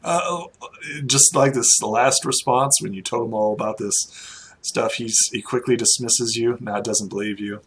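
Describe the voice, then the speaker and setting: A man's voice: mid-range voice, measured pace, a little hiss or hum. A man narrating a tabletop game as game master in a casual, laid-back way with frequent fillers.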